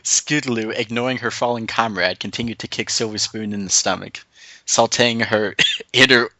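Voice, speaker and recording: Bright-voiced man reading fanfic on a call. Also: on the low side, fairly even intonation, normal speed, dry recording, poor audio. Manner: stumbles over words, breaks into laughter. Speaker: reader on a group call. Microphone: computer mic on a voice call.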